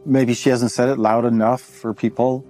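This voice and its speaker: A man's voice: medium pitch, level tone, normal speed, mellow, faint music behind. A middle-aged American man answering interview questions thoughtfully, with frequent restarts and fillers. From United States. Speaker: interview guest, former ambassador.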